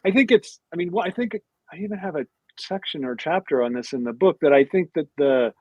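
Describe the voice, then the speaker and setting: A man with a slightly raised voice talks through ideas as a podcast guest, pausing and repeating words as he goes. The sound is dry and close, with no room around it. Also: on the high side, lively intonation, no echo, lo-fi sound. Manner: thoughtful, many restarts and repeated words. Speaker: philosopher and author guest. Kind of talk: casual podcast conversation.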